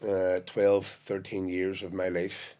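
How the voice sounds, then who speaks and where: This Belfast-accented man speaks slowly in a low, clean voice as a guest actor on a relaxed podcast interview. Animated in his storytelling, he performs the quotes he recounts and frequently starts over.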